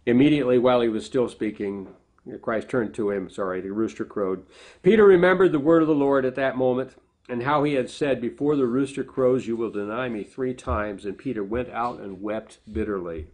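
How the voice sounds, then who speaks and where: A middle-aged man preaching a sermon at a medium pitch. He talks earnestly and often stops to correct himself mid-sentence. When he quotes a speaker, his voice rises. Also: brisk. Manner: earnest, self-correcting, animated when quoting. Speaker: pastor.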